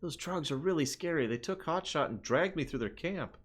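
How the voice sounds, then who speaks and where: A frightened young child gasps out thanks in a thin, high voice, shaky with relief. It is a man putting on the voice while streaming a game. The pitch swings wildly as the child rushes through each line. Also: expressive, husky. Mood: scared, relieved.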